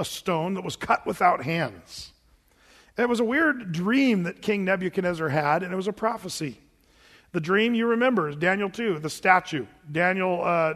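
Male pastor, high voice, sermon in a church with long reverb, dramatic retelling. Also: fairly bright tone. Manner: rhetorical questions and dramatized retellings.

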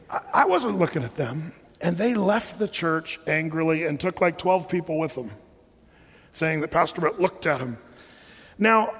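A high-voiced male pastor giving a sermon in a loose, conversational way, full of jokes and asides. His voice carries a long reverb from the church hall he speaks in. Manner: conversational and joking, with lots of asides. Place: church sanctuary.

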